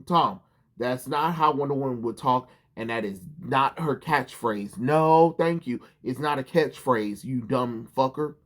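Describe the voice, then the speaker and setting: A man's voice: mid-range voice, a little slow, fairly bright tone. A man recapping a comic book in a casual vlog, rambling, swearing and full of ums and restarts.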